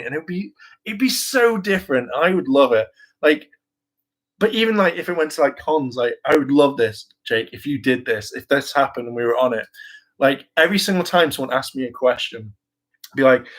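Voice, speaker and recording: A man's voice: a little high, lively intonation, fairly quick. A man chatting casually in a fan vlog, rambling and hesitant with many fillers and restarts, and eagerly enthusiastic. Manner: enthusiastic, often laughing. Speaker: YouTuber discussing a TV franchise.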